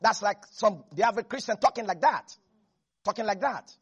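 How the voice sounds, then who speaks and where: A preacher delivering a lively sermon that swings between hushed asides and shouts. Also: mid-range voice, brisk, breathy edge, dull audio.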